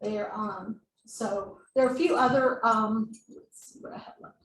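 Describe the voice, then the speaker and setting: A woman's voice: a little high, measured pace, a bit bright. A woman giving a presentation at a board meeting, informal, with fillers and self-corrections. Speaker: staff member presenting to a board. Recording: echoey room mic, faint noise.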